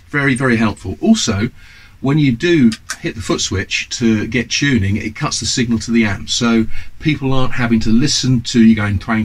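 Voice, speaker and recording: A man's voice: mid-range voice, breathy edge, poor audio. A man in his fifties from the UK giving a chatty, enthusiastic guitar lesson to camera, with lots of ums and asides. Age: 50s. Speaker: guitar teacher. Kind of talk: casual instructional talk to camera.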